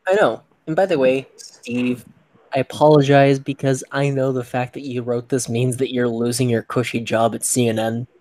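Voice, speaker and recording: Man, podcast co-host, sarcastic ribbing tone, mid pitch. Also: fairly even intonation, normal speed, darkish tone, dry recording, rough recording. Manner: teasing, sarcastic. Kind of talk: casual chat.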